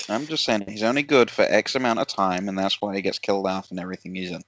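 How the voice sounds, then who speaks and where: A man's voice: lowish voice, no room sound. A man co-hosting a podcast in casual chat, needling and provoking the others. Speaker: podcast co-host. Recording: dull, dry lo-fi audio.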